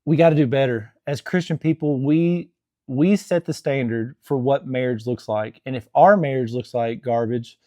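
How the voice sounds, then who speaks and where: Earnest man with a mellow voice. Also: mid-range voice, normal speed, no echo, studio quality. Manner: earnest, rambling, many restarts and fillers. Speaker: Christian marriage vlogger. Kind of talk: casual advice talk to camera.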